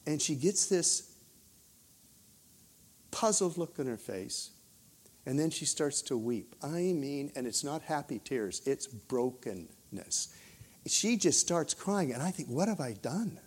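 A man, possibly, preaching a sermon through a personal story, swinging between lively emphasis and hushed quoted prayers. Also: on the high side, slow pace, pauses often, breathy edge.

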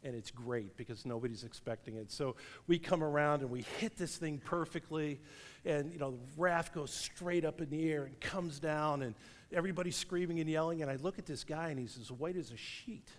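A middle-aged man preaching a sermon, telling a lively story and laughing at his own tale. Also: fairly high pitch, a little fast. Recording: long reverb of a large hall.

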